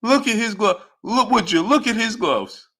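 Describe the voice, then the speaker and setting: This man's voice sits high and moves at a moderate pace as he hosts a live sports stream. He reads viewer chat messages aloud, reacting with animated disbelief and repeating his phrases.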